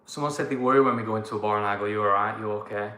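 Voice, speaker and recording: A man's voice: fairly low pitch, fairly even intonation, rapid-fire, pushed and bright. A man with a Northern English accent, rambling casually as he co-hosts a travel livestream. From Northern England. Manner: chatty, rambling banter. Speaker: travel vlogger, co-host. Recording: echoey room with faint ambient noise.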